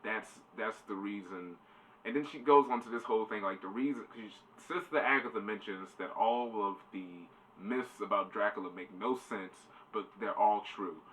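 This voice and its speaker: A man's voice: on the low side, normal speed, hardly any pauses, fairly bright tone. A man giving a casual, rambling spoiler review, swearing loosely. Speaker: show reviewer. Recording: distant mic, faint background noise.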